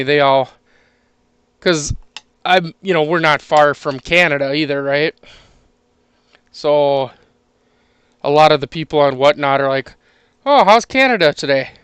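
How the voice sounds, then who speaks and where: A man's voice: fairly high pitch, fairly bright tone, smooth, dry recording. A man chatting casually while sorting through coins, easygoing and chatty, chuckling between remarks. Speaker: coin collector streaming a penny hunt.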